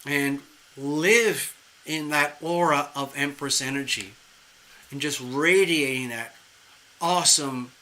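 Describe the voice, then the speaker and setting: A man giving a live-streamed tarot reading in an animated, chatty, playful way. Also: on the high side, takes it slowly, low-quality recording. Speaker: tarot reader.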